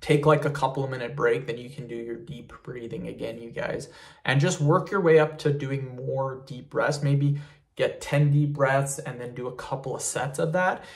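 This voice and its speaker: Male vlogger with a mid-pitched, gravelly voice, relaxed and rambling talking-head delivery. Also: normal speed. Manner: relaxed, rambling, says "you guys" and "um" often. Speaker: fitness YouTuber. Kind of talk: casual talking-head tips video.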